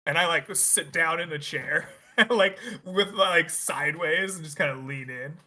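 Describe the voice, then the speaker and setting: Slow, bright-voiced playful man. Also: a little high. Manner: playful, giggly. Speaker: player. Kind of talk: playing a tabletop game.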